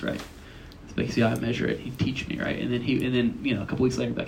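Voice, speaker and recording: Young male retreat speaker, relaxed conversational sermon, gravelly tone, slight background noise. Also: medium pitch, fast, hardly any pauses, low-quality recording. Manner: chatty, asks the audience questions.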